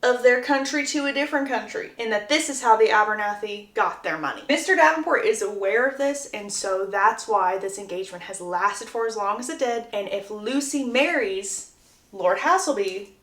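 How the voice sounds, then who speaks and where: A woman recapping a romance novel plot in a chatty, animated way with dramatic asides. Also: mid-range voice, normal speed. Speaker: book recap creator. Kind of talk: casual story recap. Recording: roomy echo.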